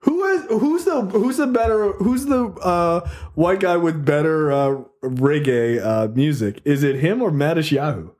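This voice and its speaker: A man's voice: on the high side, animated, unhurried, few pauses, darkish tone. A man in his thirties co-hosting a podcast in casual chat, teasing his friends and laughing often. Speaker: podcast co-host.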